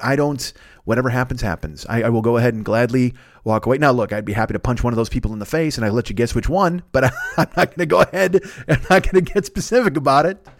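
Man, fifties, podcast host, rapid-fire, profane rambling, dry close sound. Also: mid-range voice, no echo. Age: 50s. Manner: profane, rambling, animated riffing. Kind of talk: casual monologue.

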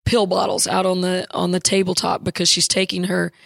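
A woman coach recalls a story in an interview, speaking reflectively with frequent pauses and restarts. Her voice is gravelly and fairly flat in pitch. The sound is dry and close. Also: no echo. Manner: reflective, halting with fillers and restarts. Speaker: women's basketball coach, guest.

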